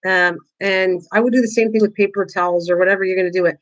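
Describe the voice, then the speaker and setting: A woman's voice: mid-range voice, steady tone, fast, poor audio. An older woman hosting a casual live-stream craft tutorial, chatting with viewers, teasing them and laughing often.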